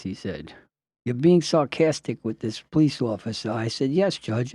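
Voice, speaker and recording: A man's voice: medium pitch, dark tone, dry recording. An older man, a defense lawyer retelling a trial, acting out his cross-examination questions and the witnesses' answers with sarcastic asides. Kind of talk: anecdotal storytelling, reenacting dialogue.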